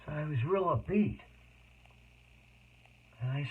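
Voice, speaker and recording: A man telling a personal story in a rambling, emotional monologue with sudden loud outbursts. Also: fairly low pitch, lively intonation, measured pace, pauses often, slightly rough. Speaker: autobiographical storyteller. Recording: tinny phone-like noisy recording.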